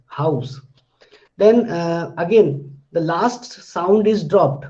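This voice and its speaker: A man teaching pronunciation, slowly explaining and repeating example words. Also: high voice, mellow. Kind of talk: slow classroom-style explanation. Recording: dull lo-fi recording.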